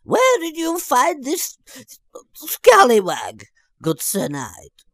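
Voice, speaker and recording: A man voicing a very old, cranky wizard who scolds and shouts slowly. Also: very high voice, huge pitch swings, no echo, clean studio sound, voice pushed up, exaggerated voice. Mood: indignant.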